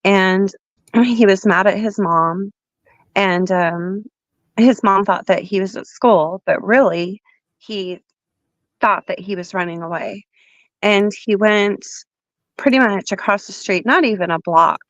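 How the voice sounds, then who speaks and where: Woman caller, just out of bed, rambling and halting, mid-pitch voice over a dull dry line. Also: no echo. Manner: rambling, hesitant, with fillers. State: groggy morning voice. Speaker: caller on a livestream. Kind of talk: casual call-in chat.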